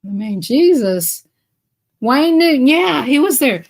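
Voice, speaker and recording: A woman's voice: high voice, very animated, slow. Chatty Southern woman telling stories. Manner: chatty, rambling, laughing between phrases. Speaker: live streamer. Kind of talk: casual storytelling to viewers.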